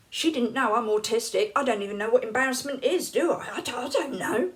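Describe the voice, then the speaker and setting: Her voice is on the high side, expressive and fairly quick with few pauses. A vlogger from England in her late fifties, she casually tells stories to camera, chatting, laughing often, and acting out quoted lines while unwell and feeling hot and cold.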